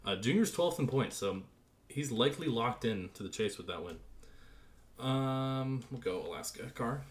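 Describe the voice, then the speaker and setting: A young man streaming a racing game, calling the race in an excited play-by-play style and chatting loosely between races. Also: medium pitch, moderate pace. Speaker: gaming streamer. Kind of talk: live racing game commentary.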